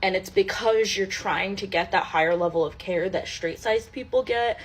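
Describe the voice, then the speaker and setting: A woman's voice: medium pitch, moderate pace, husky. A woman explaining her view in an earnest way to her followers in a recorded video. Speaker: social media video creator.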